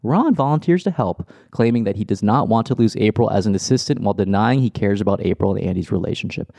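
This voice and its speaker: A man's voice: fairly low pitch, expressive, quick pace, warm tone, no room sound. A man hosting a podcast, talking casually and often chuckling as he rambles. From Los Angeles. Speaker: podcast host. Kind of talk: casual chat.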